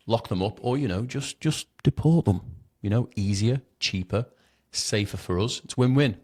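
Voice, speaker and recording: A man hosting his own commentary show, talking in a blunt, indignant and mocking way. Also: fairly low pitch. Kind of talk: opinionated commentary.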